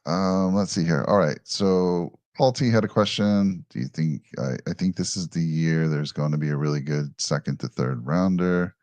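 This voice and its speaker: Deep-voiced man hosting upbeat sports chat. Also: moderate pace, few pauses, a little mellow, dry recording. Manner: upbeat, leads the show and reads viewer questions. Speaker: host.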